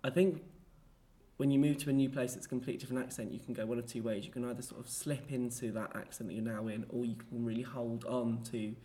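Young man, Essex accent, casual and rambling delivery, warm mellow tone. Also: mid-range voice, quick pace. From Essex, England. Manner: relaxed and rambling, with many fillers. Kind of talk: casual talk about his accent.

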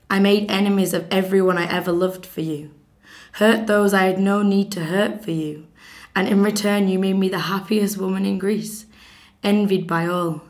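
A woman with a Lancashire accent performing a dramatic monologue as a bitter, betrayed mythic Greek queen, sarcastic and accusing. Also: on the low side. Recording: echoey room.

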